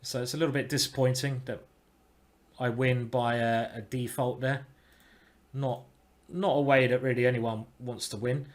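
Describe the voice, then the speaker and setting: A man giving casual live-stream chess commentary, thinking aloud with restarts and breaking into excited exclamations. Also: medium pitch, moderate pace. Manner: bursts into excited exclamations at good moves.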